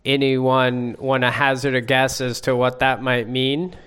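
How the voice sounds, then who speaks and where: Slow, measured man teaching a Bible class. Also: mid-range voice, flat delivery, fairly bright tone, smooth. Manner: measured, asks the group questions. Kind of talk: leading a group Bible study.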